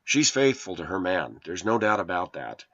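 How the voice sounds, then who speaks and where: A man's voice: low-pitched, very animated, moderate pace, a bit bright, highs cut off. A man in his forties telling a rambling personal story in an indignant, preachy way to his viewers. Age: 40s. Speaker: vlogger.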